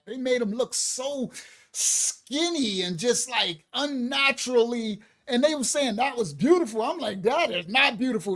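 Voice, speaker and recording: A man hosting a ministry channel, reacting to a video in loose, joking commentary with frequent laughter. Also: extremely high pitch. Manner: animated, laughs often, jokey storytelling. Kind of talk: casual commentary.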